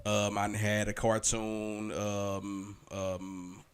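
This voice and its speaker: Low-voiced man rambling casually. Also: very slow, clean tone. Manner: relaxed, rambling with many fillers. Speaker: candy company founder. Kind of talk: casual chat.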